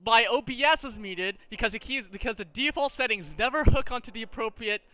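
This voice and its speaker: A man streaming a game, chatting casually, animated and exasperated, swearing often at a desk mic. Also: very high-pitched, fairly quick, no echo. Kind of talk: casual livestream chat while gaming.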